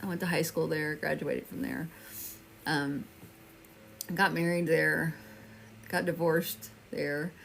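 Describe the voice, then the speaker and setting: A woman's voice: sits low, steady tone, slow, vocal fry, long pauses, slight background noise. A woman in her fifties from Texas, hosting a casual livestream and chatting reassuringly with viewers by name. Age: 50s. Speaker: livestream medium host. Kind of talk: casual livestream chat answering viewer comments.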